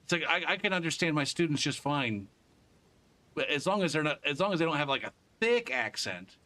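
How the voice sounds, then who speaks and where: A man's voice: a little high, big pitch swings, brisk, bright, forceful tone. A man streaming a game live, chatting casually in a rambling, profane way with many restarts.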